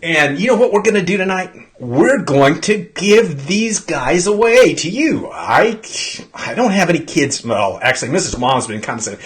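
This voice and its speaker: A man hosting a live stream, his throat clogged from pollen. He talks in an excitable, rambling way and greets viewers one by one. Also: on the high side, moderate pace. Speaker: host.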